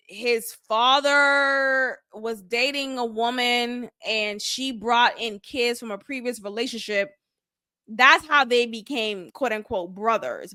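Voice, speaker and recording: Bright-voiced woman recapping a show. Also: a little high, no room sound, clean studio sound. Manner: candid, opinionated, chatty. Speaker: show review host. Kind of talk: casual reality show recap.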